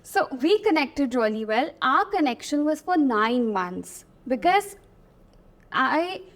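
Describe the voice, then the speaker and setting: A young woman with a high voice speaks as an interview guest. She tells a personal story thoughtfully, often pausing partway through her sentences. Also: very animated. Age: young adult.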